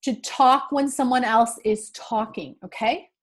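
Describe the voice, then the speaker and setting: Slow, patient woman reading-class teacher. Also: a little high, steady tone. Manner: slow, clear, checks in with frequent "okay?". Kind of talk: reading a picture book to young learners.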